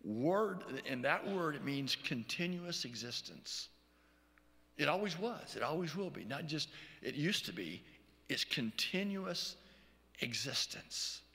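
A man preaching a sermon as pastor, teaching verse by verse, often checking in with "okay?" and reading scripture slowly. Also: fairly high pitch, sing-song, bright, forceful tone, long reverb tail. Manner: reads scripture aloud slowly.

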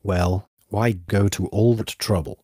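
A man's voice: on the low side, fairly even intonation, measured pace, warm tone, slightly rough, no room sound, studio quality. A man doing a thin-voiced wary old fisherman. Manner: probing, suspicious questions. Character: old male village fisherman, wrinkled, wary.

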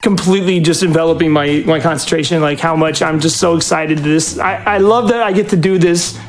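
A speedrunner at a live event stage giving a dog short coaxing commands and chatting excitedly about the run. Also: mid-range voice, brisk, faint music behind.

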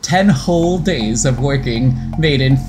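A contestant on a comedy game show, making wry jokes during banter. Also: male voice, medium pitch, animated, a little slow, music in the background. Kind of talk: casual banter.

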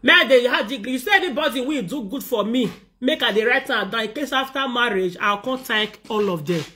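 Nigerian woman vlogger, sharp bright voice, animated and scolding, Pidgin accent. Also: fairly high pitch, brisk, faint music behind. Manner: scolding, animated, acts out others' words. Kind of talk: ranting monologue to camera.

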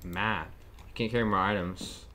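A man's voice: sits low, steady tone, normal speed, heavy background noise. A young man nervously commenting to viewers while playing a horror game. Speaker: gaming streamer. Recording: keyboard and mouse clicks behind the voice.

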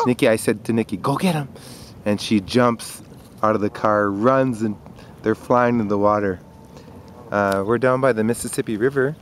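A man talks casually and at a middling pitch while he films a walk by the river on a handheld camcorder. He rambles along easily from one remark to the next. Faint outdoor noise sits behind him. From Minnesota. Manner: chatty, rambling, voice jumps high when calling the dog. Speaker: dog owner filming outdoors. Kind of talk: casual home video narration.

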